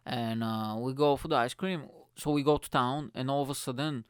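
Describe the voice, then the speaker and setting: A man's voice: mid-range voice, moderate pace, smooth, dry recording. A man hosting his own podcast, telling comic stories casually, swearing freely and calling listeners "mate". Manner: chatty, swears freely, says "mate" a lot. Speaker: podcast host. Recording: dry close-miked voice.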